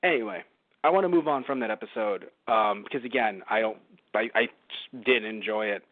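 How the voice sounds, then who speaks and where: A man's voice: fairly low pitch, a little fast, no echo. A man co-hosting a podcast, reviewing a show in rambling casual chat with a lot of swearing. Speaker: podcast co-host. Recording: dry, phone-like narrow audio.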